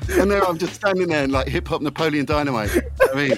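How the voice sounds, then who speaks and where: Animated man telling stories. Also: a little high, fast talker, vocal fry, faint music behind. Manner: animated storyteller, swearing freely, acting out scenes. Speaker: guest. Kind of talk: anecdote-telling in a podcast interview.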